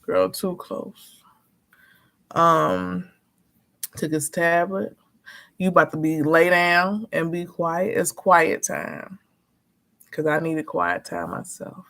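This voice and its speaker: A woman chatting casually as a vlogger, frank and animated, acting out quotes as she tells her story. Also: fairly low pitch, slow pace, creaky, pauses often. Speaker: notary and vlogger.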